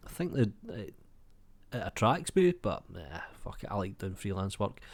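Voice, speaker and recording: A man's voice: fairly low pitch, very animated, moderate pace, husky. A young adult man, casually chatting through viewer comments while getting over a cold, swearing freely and calling everyone mate. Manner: laid-back, swears freely, says mate a lot. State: has a cold. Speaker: YouTube creator.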